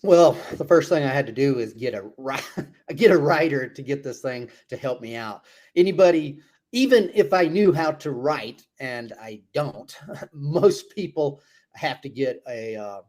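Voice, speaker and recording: A middle-aged American man, an army veteran, answering interview questions in a halting way with many restarts and self-deprecating laughs. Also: mid-range voice, animated, darkish tone. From United States. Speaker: guest, army veteran and author. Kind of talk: casual interview chat.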